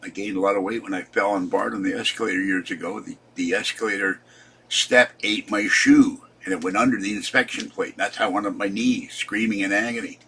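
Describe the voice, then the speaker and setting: A man's voice: fairly low pitch, steady tone, a little fast, pushed and bright, a little hiss or hum. A man in his seventies, tired and upset, rambling through a casual vlog and complaining as he trails off. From Pittsburgh. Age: 70s. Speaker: vlogger.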